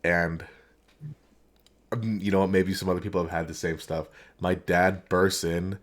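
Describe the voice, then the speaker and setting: A man's voice: low-pitched, fairly even intonation, normal speed. A man co-hosting a casual podcast, telling rambling stories and laughing often. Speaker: podcast co-host. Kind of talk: casual chat.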